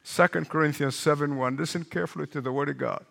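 An older man preaching a sermon as pastor, animated, repeating phrases for emphasis and asking the congregation questions. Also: on the high side, fast, vocal fry, in a large hall.

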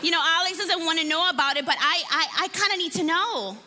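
A woman's voice: extremely high pitch, fairly quick, a little hiss or hum. A woman pastor praying and then preaching a sermon in a chatty, conversational way, asking the congregation questions. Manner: warm conversational preaching with laughs and audience questions. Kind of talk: sermon with opening prayer. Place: church hall. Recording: long hall reverb with faint music.

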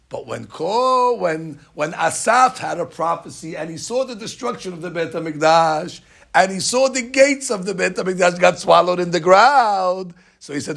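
A man teaching a religious class to women, telling stories in an animated way with many fillers and restarts. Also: high voice, moderate pace, gravelly.

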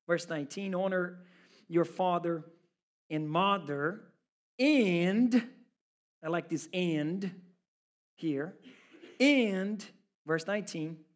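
A male pastor preaching a sermon in an emphatic, rhetorical way, speaking straight to his listeners. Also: sits high. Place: church service.

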